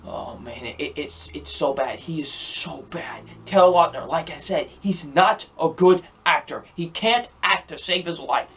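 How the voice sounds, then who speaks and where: A man's voice: a little high, measured pace, few pauses, a bit bright, slight background noise. A young man giving a ranting, repetitive movie review, sounding exasperated as he keeps circling back to the same complaints. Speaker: film reviewer.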